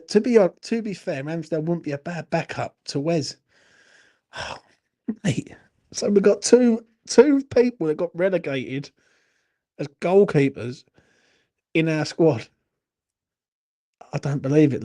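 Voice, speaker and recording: In a late-night live Q&A for fans, a tipsy male host swears and rants while laughing through the banter. His voice sits on the high side, with a warm tone.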